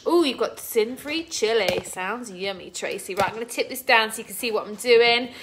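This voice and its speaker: A woman's voice: a little high, moderate pace. A middle-aged woman hosting a casual live cooking stream from her home kitchen, chatting, greeting viewers by name and joking at her own expense. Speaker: cooking livestream host. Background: children's game noise faintly.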